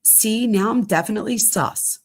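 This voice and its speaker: A woman's voice: mid-range voice, moderate pace. A woman hosting a true crime channel, reading text messages aloud and reacting in slangy, outspoken casual commentary. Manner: slangy, reactive, speaks her mind.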